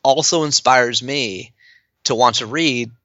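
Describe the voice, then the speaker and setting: A man talking as a podcast guest, animated and fast, with lots of fillers and restarts. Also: medium pitch, no echo, dull audio. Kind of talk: enthusiastic conversational interview.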